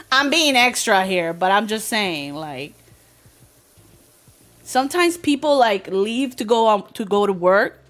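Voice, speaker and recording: A woman livestreamer chatting casually with her viewers, talkative, slangy and quick to laugh. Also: medium pitch, animated, a bit bright.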